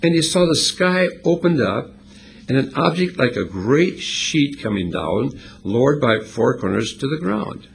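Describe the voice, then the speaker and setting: Gravelly, animated male preacher. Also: medium pitch, a little slow. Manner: expository preaching with lively, animated delivery. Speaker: pastor. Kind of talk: sermon.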